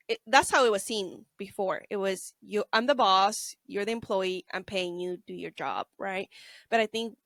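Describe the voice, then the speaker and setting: A woman's voice: medium pitch, dry recording, clean studio sound. A woman hosting a casual interview, chatty and affirming, often tagging her points with "right?" and "you know". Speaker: podcast host.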